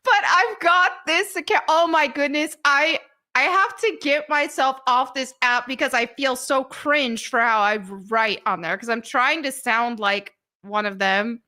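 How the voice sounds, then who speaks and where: Giggly high-voiced woman streamer. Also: unhurried, pushed and bright. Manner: giggly, mocking. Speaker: live-stream host. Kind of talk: casual live-stream chat.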